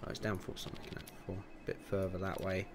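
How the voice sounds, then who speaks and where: A man's voice: low-pitched, monotone, fast, noisy background. A man in his twenties streaming a racing management game, chatting casually and muttering to himself as he adjusts car setups. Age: 20s. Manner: chatty, muttering to himself while tweaking settings, chuckling asides. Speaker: livestream gamer. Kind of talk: casual livestream commentary.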